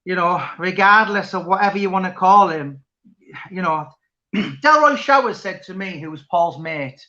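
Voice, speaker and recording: A man's voice: high-pitched, expressive, normal speed, sharp tone, highs cut off. A man chatting casually as interviewer, rambling with many restarts. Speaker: interviewer and author. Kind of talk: casual chat.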